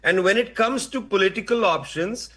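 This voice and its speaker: A man giving measured political analysis in a played clip, speaking deliberately with filler pauses. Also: sits high, fairly bright tone.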